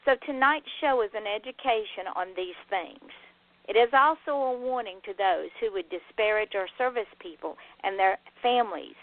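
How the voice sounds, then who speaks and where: A woman's voice: mid-range voice, no room sound. A woman radio host giving an earnest, emphatic on-air monologue and speaking straight to her listeners. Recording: dry phone-like line.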